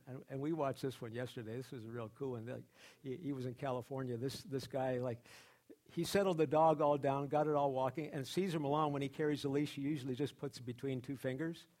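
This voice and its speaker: Rambling male pastor giving a sermon. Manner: rambling, many restarts and fillers; acts out quoted voices higher and louder.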